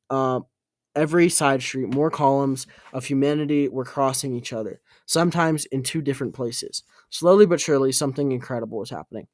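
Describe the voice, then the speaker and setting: A man reading an audiobook aloud, halting and correcting his own slips. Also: mid-range voice, a little mellow, no echo, clean studio sound. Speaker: audiobook reader.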